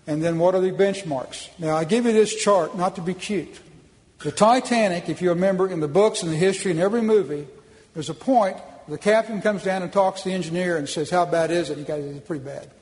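High-voiced folksy man speaking in a hall. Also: fairly quick, a little mellow. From Oklahoma. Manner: folksy and emphatic, with repeated restarts. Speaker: speaker at a policy conference. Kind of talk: public speech with slides.

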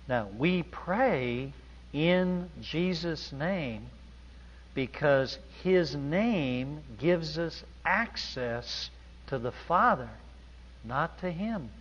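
A man preaching a sermon in an emphatic, deliberate manner in a large church hall. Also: fairly high pitch, animated. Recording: dull audio with long hall reverb.

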